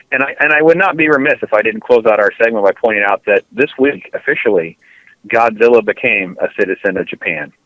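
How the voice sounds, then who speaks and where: A man's voice: fairly low pitch, dry recording. Dry-voiced male radio co-host, lo-fi. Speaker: co-host, news reporter. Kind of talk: casual political talk radio. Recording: dry, dull lo-fi sound.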